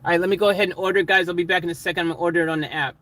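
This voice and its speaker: Man, high-pitched, casual chatty vlogger talking to his viewers from a van, faint vehicle noise. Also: rapid-fire. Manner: chatty, laughs, excited bursts. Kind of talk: casual live vlog chat with viewers.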